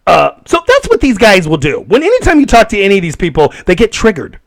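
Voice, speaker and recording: A man hosting a solo podcast, ranting in an animated way and laughing often. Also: sits high, fast talker, creaky. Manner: animated and laughing, acts out voices. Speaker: podcast host.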